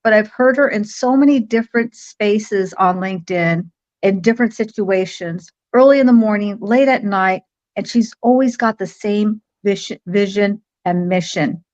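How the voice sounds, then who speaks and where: A woman hosting a live online talk show, bubbly and quick to laugh as she introduces her guest. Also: mid-range voice, a little mellow, muffled recording. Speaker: host. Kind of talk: enthusiastic livestream chat.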